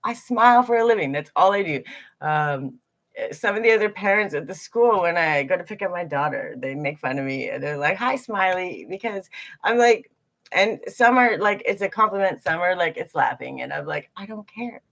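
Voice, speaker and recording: A woman teaching a live group in a lively, candid way, acting out her own inner voices. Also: on the low side, normal speed, creaky. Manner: animated, acts out inner voices.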